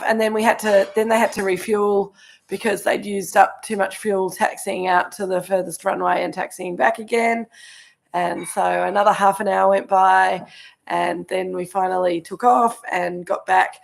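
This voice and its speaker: A middle-aged Australian woman chats through a live online tasting and spins a long story. Her voice sits in a middle register with a gravelly fry, and she sounds sniffly, like she's losing her voice. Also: mid-range voice, steady tone, moderate pace. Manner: chatty storyteller, warm greetings to viewers by name. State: sniffly, voice going hoarse. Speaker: winemaker hosting a live virtual tasting. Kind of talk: casual live-stream chat.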